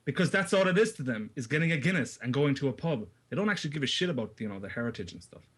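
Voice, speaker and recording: A man's voice: medium pitch, expressive, rapid-fire, fairly bright tone, slightly rough. An Irish man on a voice-chat talk show, ranting boastfully and swearing often. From Ireland. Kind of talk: crude casual chat.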